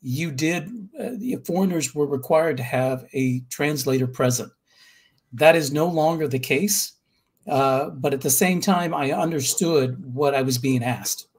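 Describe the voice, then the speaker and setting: American male guest, a bit husky, mid-high voice, animated storyteller. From United States. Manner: animated, tells stories with restarts. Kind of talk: casual storytelling.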